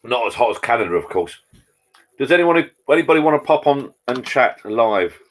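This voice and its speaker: A man's voice: mid-range voice, big pitch swings, moderate pace, a little hiss or hum. A man hosting a casual live chat from his garden bar. He rambles and greets viewers by name. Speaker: live stream host. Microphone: laptop.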